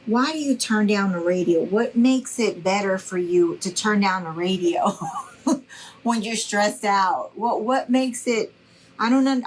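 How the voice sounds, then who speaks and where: A middle-aged woman leads a live craft tutorial at an unhurried pace. She chats warmly with her viewers, greets them by name and keeps reassuring them. A faint hiss sits under her voice. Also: medium pitch, low-quality recording. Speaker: craft instructor.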